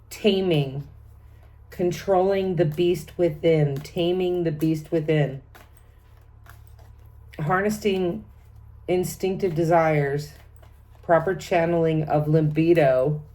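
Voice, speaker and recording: A chatty middle-aged woman talks through a tarot spread for her viewers. Her voice sits low, and she rattles off each card's meanings in long lists, breaking into laughs between them. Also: a little mellow. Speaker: tarot reader. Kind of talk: casual tarot reading vlog.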